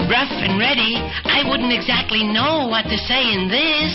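A singer voicing a boastful, bumbling male professor in a cartoon song, over loud music on a dull, lo-fi old record. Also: mid-range voice, normal speed, lightly acted. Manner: singing, bragging.

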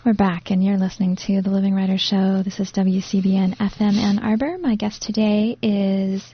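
A woman hosts a radio interview with measured, thoughtful questions. Her voice is a little husky, and the recording is dry and somewhat dull. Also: medium pitch, level tone. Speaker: radio show host. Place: radio studio.

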